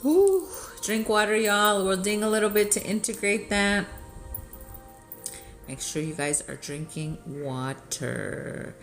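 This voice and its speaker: A woman hosting a live spiritual healing session, chanting in light language and then talking softly and emotionally, often laughing. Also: mid-range voice, faint music behind. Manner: soft, unhurried and tearfully emotional, often laughing.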